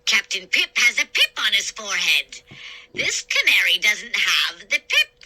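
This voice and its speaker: A woman voicing a gruff, menacing male pirate captain who talks in low growls. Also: huge pitch swings, measured pace, pushed and bright, heavily acted, low-quality recording. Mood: gloating.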